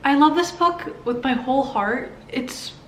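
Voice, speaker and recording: A young woman talking casually to her phone as a book vlogger, gushing and excitable, full of "like". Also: high-pitched, unhurried, reverberant, a little hiss or hum. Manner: gushing, excitable, says "like" a lot. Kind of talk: casual vlog talk to camera. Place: in a car for part of it. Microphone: phone mic.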